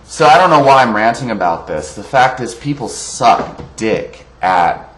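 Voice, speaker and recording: A man's voice: mid-range voice, lively intonation, measured pace, slight background noise. A man ranting in a casual vlog, heated, sarcastic and profane, wired on coffee. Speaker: vlogger. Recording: roomy echo.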